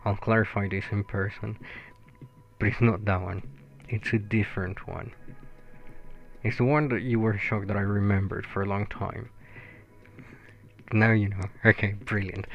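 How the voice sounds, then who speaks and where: A man's voice: on the low side, muffled recording. A man whose first language is Spanish, telling a casual story full of fillers and swearing. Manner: rambling, profane, lots of fillers.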